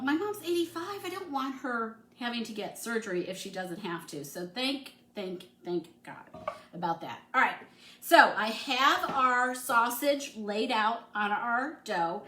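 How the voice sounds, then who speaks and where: A woman's voice: a little high, expressive, a little slow, sharp tone, a little hiss or hum. A middle-aged woman hosting a casual cooking demonstration, chatty and enthusiastic as she works in her home kitchen. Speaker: cooking show host. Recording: echoey room.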